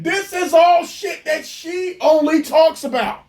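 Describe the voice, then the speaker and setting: A commentator tears into a clip in a mocking, incredulous rant full of profanity. The voice sits high and sometimes breaks into shouting. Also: slow, hardly any pauses. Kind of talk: ranting reaction commentary.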